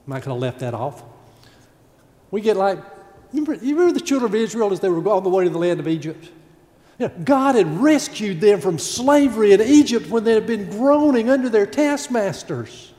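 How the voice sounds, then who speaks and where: Male pastor, high mellow voice, lively sermon, long sanctuary reverb. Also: brisk. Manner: animated preaching, acting out grumbling voices.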